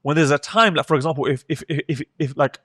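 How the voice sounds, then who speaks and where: A man's voice: on the high side, fast, a bit bright, husky, no room sound, clean studio sound. A man in his thirties who speaks thoughtfully and hesitantly in a casual podcast chat, often restarting his words. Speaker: podcast co-host.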